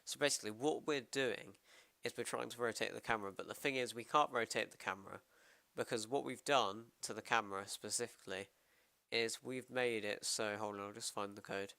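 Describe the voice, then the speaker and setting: Bright, crisp British coder talking aloud. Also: male voice, fairly low pitch, a little fast, no room sound. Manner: rambling, self-interrupting, thinking aloud. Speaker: programmer streamer. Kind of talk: casual coding livestream.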